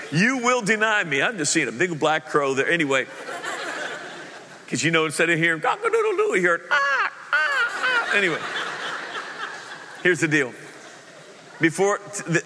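A middle-aged man preaching a sermon as pastor, telling the story lively and acting out the quoted voices himself. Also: a little high, background noise. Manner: animated storytelling, acts out quotes, laughs at own slip. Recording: long hall reverb.

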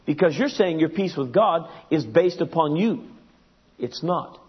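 A husky man preaching with a lively, leaping pitch, a little higher than most men. He moves from shouted points to near-whispered asides. The recording is dull and lo-fi. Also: unhurried. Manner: animated preaching, swings from shouts to hushed asides, acts out voices. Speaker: pastor. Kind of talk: sermon.

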